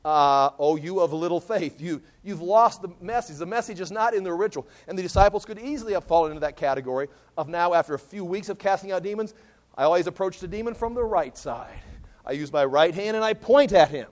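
A man's voice: high voice, lively intonation, fairly quick. A male pastor teaching a verse-by-verse sermon, conversational and emphatic, often stopping to correct himself.

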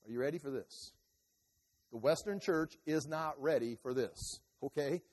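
A man preaching a sermon as a pastor, animated, swinging between loud outbursts and quiet asides. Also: medium pitch, normal speed, in a large hall.

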